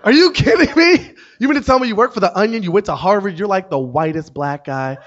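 Guy doing a squealy high gushy lady at a bar, nosy questions nonstop, kinda muffled sound. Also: animated, a little mellow. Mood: prying. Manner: gushing, rapid-fire nosy questions. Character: chatty overexcited woman at a bar. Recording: dull lo-fi sound.

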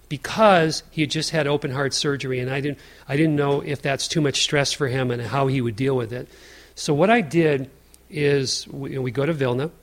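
A middle-aged man, an author, telling an emotional personal story in a talk to an audience, with frequent restarts. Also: medium pitch.

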